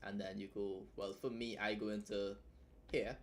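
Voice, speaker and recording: A man's voice: fairly low pitch, flat delivery, moderate pace, a little hiss or hum. A tired young man streaming a casual writing tutorial, chatty and loose, often tagging his points with "right?". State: tired from staying up long. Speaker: writing streamer teaching editing.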